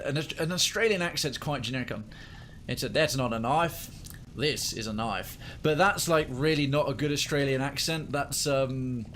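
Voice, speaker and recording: A man's voice: a little high, a bit bright, slight background noise. Chatty British man streaming a game. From United Kingdom. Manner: rambling, digressive, chatty with chat. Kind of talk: casual gaming commentary.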